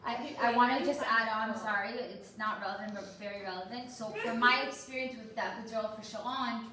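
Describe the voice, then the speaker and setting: A woman's voice: on the high side, fairly quick, very echoey, recorded from a distance, a crowd in the background. A woman chiming into a class with her own side of a family story, laughing often. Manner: laughing, joining in with asides. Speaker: guest, teacher's sister. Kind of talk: casual chat in a class.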